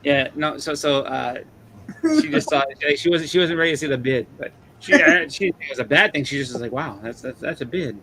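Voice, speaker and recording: A man's voice: on the high side, brisk, crowd noise. A man co-hosting a casual chat about comic books, joking and acting out silly voices for the covers. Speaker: podcast co-host.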